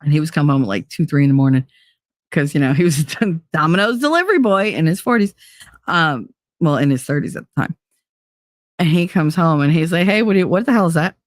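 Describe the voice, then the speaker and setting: Blunt, low-voiced woman telling stories. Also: very animated, a little fast, no echo, studio quality. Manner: blunt and profane, heavy use of "like". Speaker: podcast host. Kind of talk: casual storytelling monologue.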